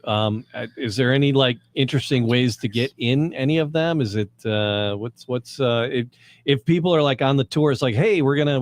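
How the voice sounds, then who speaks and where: A man co-hosting a casual podcast, asking the guest questions in an animated way, with lots of fillers. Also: mid-range voice. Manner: animated, asks questions with many fillers and restarts. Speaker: podcast co-host.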